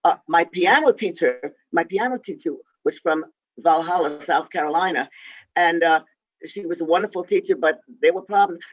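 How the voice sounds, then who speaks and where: A woman in her eighties telling a story from her youth in a halting way, with many restarts and fillers. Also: on the low side. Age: 80s. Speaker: interviewed composer and pianist. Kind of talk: reminiscing storytelling. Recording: dull, dry lo-fi sound.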